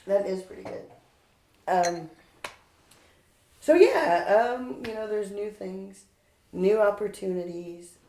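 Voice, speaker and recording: A woman hosting a podcast in casual conversation, relaxed, trailing off with fillers and laughing often. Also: mid-range voice, slow pace, long pauses, slight background noise. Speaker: podcast host. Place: indoor room, recorded locally. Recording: roomy echo.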